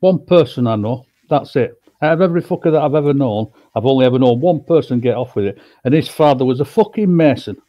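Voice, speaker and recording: A man's voice: medium pitch, expressive, quick pace, hardly any pauses, highs cut off. A man co-hosting a live chat, blunt and sweary, mostly murmuring along while his partner talks. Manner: frequent short listening murmurs, blunt swearing. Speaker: livestream co-host. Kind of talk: casual chat.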